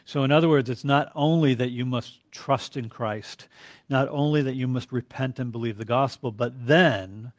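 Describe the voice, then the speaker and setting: A male Bible teacher gives a deliberate classroom lecture at a mid pitch. He reads scripture aloud and pauses to put questions to his students. His voice is close and dry, with almost no room sound. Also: no room sound.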